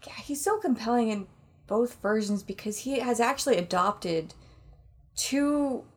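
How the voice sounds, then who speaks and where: A woman co-hosting a podcast in casual chat, recounting things in an animated way with laughs mid-sentence. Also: on the high side, unhurried, slightly rough. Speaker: podcast co-host.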